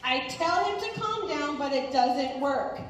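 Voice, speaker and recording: High-pitched mom hosting a family night, bouncy and playful, echoey hall from far off. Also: female voice, unhurried, slight background noise. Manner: animated, playful, talks to kids. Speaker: host and parent panelist. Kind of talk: lively family event presenting.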